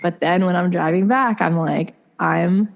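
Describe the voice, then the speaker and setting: A woman's voice: lowish voice, moderate pace, lo-fi sound. A woman in her thirties, a podcast guest, telling candid personal stories in an earnest, confiding way with many likes and restarts. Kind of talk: candid conversational storytelling.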